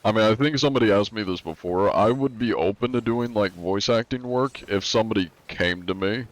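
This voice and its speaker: A man's voice: lowish voice, brisk, no echo, low-quality recording. A young American man streaming a game, chatting casually in a rambling, joking, crude way. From United States. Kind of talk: casual live-stream chat.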